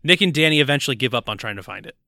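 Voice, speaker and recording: A man's voice: medium pitch, expressive, rapid-fire, creaky, bright, forceful tone, dry recording, clean studio sound. A man co-hosting a casual movie review podcast, enthusiastically recapping the plot. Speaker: podcast co-host.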